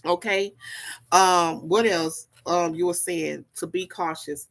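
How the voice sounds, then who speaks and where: A woman with a low, steady voice gives a spiritual reading at a slow pace. Her style is casual, folksy and preachy; she repeats herself and keeps checking in with "okay?"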